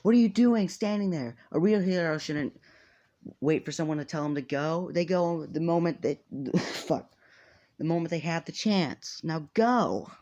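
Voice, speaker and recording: A man voicing a loud, excitable male hero teacher who shouts a pep talk over a microphone. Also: a little high, a little slow, lo-fi sound, pitched above the performer's own voice. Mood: shouting encouragement.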